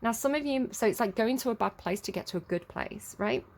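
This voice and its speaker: A woman's voice: on the high side, animated, fairly quick, a little mellow. An English woman with a standard southern English accent, giving a casual tarot reading in a rambling way, full of fillers and restarts. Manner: rambling, many fillers and restarts, laughs at herself. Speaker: tarot reader.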